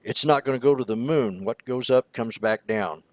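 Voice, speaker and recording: A man's voice: mid-range voice, moderate pace, a little mellow, dry recording. A man co-hosting a trading show, talking in a rambling, emphatic way with many repeated words. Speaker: stock trading show co-host. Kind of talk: casual market commentary.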